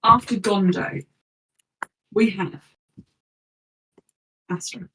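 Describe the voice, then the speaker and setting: A woman's voice: mid-range voice, fairly even intonation, very slow, fairly bright tone, distant mic, a little hiss or hum, low-quality recording. A woman narrating as game master for a tabletop game, chatty and giggly.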